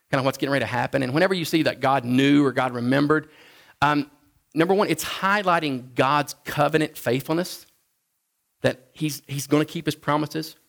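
A man preaching a sermon in a conversational, halting way, often restarting his sentences. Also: gravelly, fairly bright tone. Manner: acts out the Bible figures in a higher voice. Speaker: pastor.

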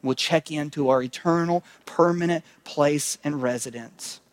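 A man pastor giving a sermon, talking in a conversational way that rises to emphatic calls and drops to hushed asides. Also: on the high side, unhurried, no echo.

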